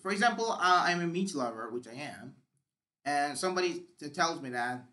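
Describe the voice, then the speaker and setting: A man's voice: on the high side, very animated, a little fast, sharp tone. A man teaching English grammar, explaining step by step with examples and the odd "uh".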